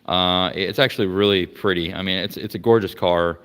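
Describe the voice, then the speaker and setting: Casting: lowish-voiced man, rambling garage walkaround vlog, long reverb around him. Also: fairly even intonation, fairly quick, fairly bright tone, clean tone. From Florida, United States. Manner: rambling, many fillers and restarts. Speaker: vlogger showing his car collection. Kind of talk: casual walkaround chat. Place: garage workshop.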